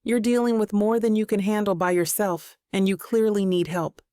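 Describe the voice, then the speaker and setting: A woman's voice: medium pitch, moderate pace, dry recording, studio quality, natural voice. A woman narrator voicing a blunt, matter-of-fact young man in an audiobook. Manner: flat, blunt delivery.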